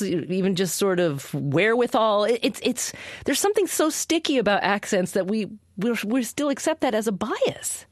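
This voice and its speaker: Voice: medium pitch, no echo, studio quality. A radio talk show host who reflects on the guest's points and introduces callers. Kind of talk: radio interview hosting.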